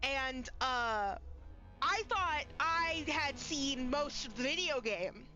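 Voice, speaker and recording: A woman with a high, bright voice streams a horror game from her bedroom. She chats along nervously and keeps breaking into scared squeals and shrieks. Soft music plays faintly behind her. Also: animated, slow, muffled recording. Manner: jittery, scared, squealing outbursts. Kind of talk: live gameplay commentary. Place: home bedroom.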